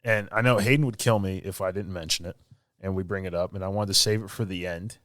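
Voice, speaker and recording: A man's voice: sits low, steady tone, quick pace, a bit bright, dry recording, studio quality. A man hosting a podcast interview, easygoing and chatty. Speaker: podcast host. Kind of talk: casual interview chat.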